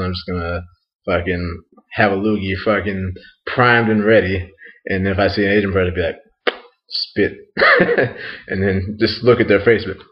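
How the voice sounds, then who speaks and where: A young American man rambles in a loose, crude monologue, a little tipsy after a night out. He laughs often and leans on "like" and "um". His voice sits low, and the lo-fi home recording sounds dull. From United States.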